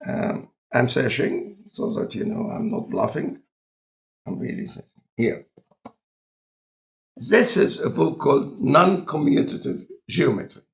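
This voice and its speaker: A man with an Egyptian accent and a non-native speaker of English, talking in a relaxed, conversational lecture style with deliberate, halting phrasing. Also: mid-range voice, vocal fry. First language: Arabic. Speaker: scientist in conversation.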